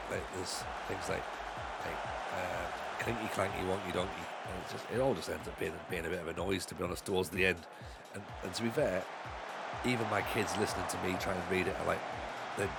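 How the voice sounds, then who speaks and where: A Northeast English man chats loosely through a live stream of a football management game, full of self-deprecating jokes. His voice sits low and turns gravelly, roughened further by a cold, and game music plays clearly behind him. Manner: rambling, joking, self-deprecating. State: has a cold. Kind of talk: casual live-stream commentary.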